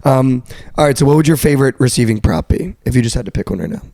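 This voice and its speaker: A young man co-hosting a podcast, telling a story in a casual, animated way and swearing now and then. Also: medium pitch, fast, vocal fry, dry recording, clean studio sound. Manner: animated storyteller, swears, quotes people flatly. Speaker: podcast co-host. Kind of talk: casual sports betting chat.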